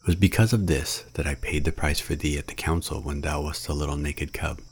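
A man voicing a proud, tender male black panther in a low, grave storybook voice. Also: steady tone, a little fast, breathy edge, full character voice.

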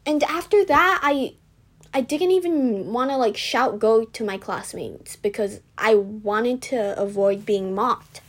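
Slow-talking teenage girl venting. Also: a little high. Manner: chatty, self-deprecating, rambling with fillers; indignant, venting. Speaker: vlogger. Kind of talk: casual storytime vlog.

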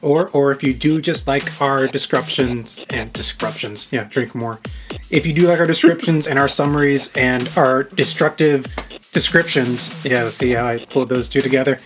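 Joking podcast co-host with music behind. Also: male voice, mid-range voice, a bit bright. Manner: joking, quick quips, frequent laughter. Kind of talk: casual banter.

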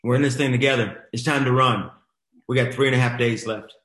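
Brief: middle-aged male motivational host, repeats lines for emphasis, mid pitch, echoey room. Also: steady tone, fairly quick, a bit bright. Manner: emphatic, exhorting, repeats phrases. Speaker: host of a coaching boot camp. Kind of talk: motivational storytelling.

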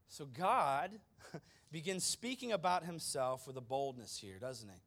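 Animated preacher man. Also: fairly high pitch, unhurried, vocal fry. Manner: animated, conversational, with slangy asides. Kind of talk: sermon.

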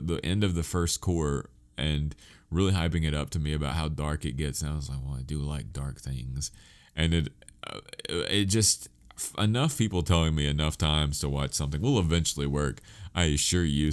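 A man's voice: rumbling low, clean tone. A young man hosting a podcast on his own, chatting casually, rambling off on tangents and poking fun at himself. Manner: rambling, self-mocking, goes off on tangents. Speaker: podcast host. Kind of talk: casual solo podcast chat.

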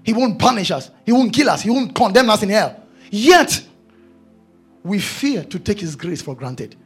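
A man's voice: high voice, very animated, normal speed, slightly rough, soft background music. A male preacher delivering a sermon, emphatic and repeating his key phrases.

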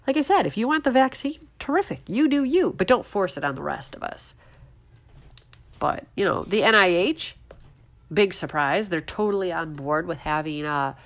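A woman hosting a political opinion show, talking sarcastically and bluntly with a stuffy nose from a head cold. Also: on the low side. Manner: sarcastic, mocking, outspoken. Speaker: show host.

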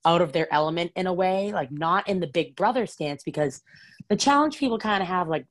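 A woman chatting casually about reality TV, full of "like" and quick asides. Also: fairly low pitch, expressive, no room sound. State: has the hiccups.

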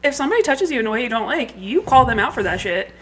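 A woman's voice: a little high, very animated, very fast, crowd noise, low-quality recording. Frank young woman, podcast guest. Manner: frank, laughs easily. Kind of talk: casual comedic chat.

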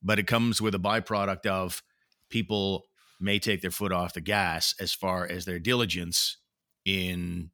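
A man's voice: sits low, steady tone, measured pace, pushed and bright, no room sound, studio quality. A man co-hosting a casual chat show, reacting briefly and moving the talk along. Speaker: podcast co-host.

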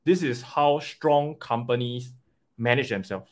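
A man coaching an investing webinar live, animated and often checking in with "right?" and "okay?". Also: medium pitch, measured pace.

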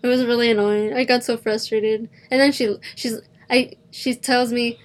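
A woman's voice: a little high, little pitch movement, moderate pace. A young adult woman telling a story in a casual chat, leaning on "like" as a filler. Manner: chatty, heavy use of "like" as filler.

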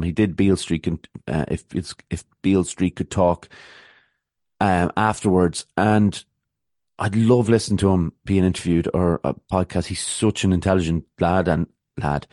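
Deep-voiced man talking films. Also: normal speed, darkish tone, dry recording, clean studio sound. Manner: rambling, full of restarts and fillers. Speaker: podcast host. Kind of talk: casual film talk.

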